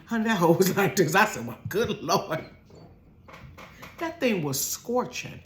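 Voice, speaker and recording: A woman from Ohio tells a storytime in a casual, chatty way from her bedroom. Her voice sits at a middling pitch. She swings from whispered asides to loud, laughing bursts and keeps talking straight to her viewers. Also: expressive, unhurried. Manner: chatty, talks straight to viewers with "y'all" and "honey". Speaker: storytelling vlogger.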